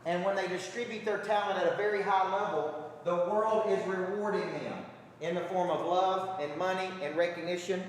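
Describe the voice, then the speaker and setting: Steady in tone and speaking at normal speed, a high-pitched man delivers an emphatic seminar talk in a big hall, constantly checking in with his live audience through rhetorical questions. The distant, echoey recording carries a little hiss or hum.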